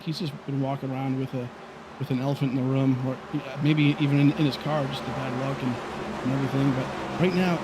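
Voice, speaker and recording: A man's voice: fairly high pitch, background noise. A man giving color commentary on a sim racing broadcast, rambling with frequent restarts. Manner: rambling, with many restarts and fillers.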